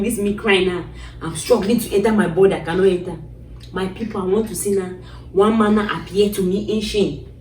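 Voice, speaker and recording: A woman's voice: mid-range voice, fairly even intonation, a little fast, darkish tone, a little hiss or hum. A woman from Nigeria telling a personal story dramatically, acting out her own cries and pleas. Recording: distant mic in an echoey room.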